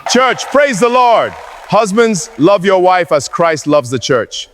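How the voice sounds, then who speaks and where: A man's voice: sits high, very animated, slow, music in the background, exaggerated voice. A machine-made man's voice playing a preacherly church pastor with a Nigerian accent, rousing his congregation. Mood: preaching.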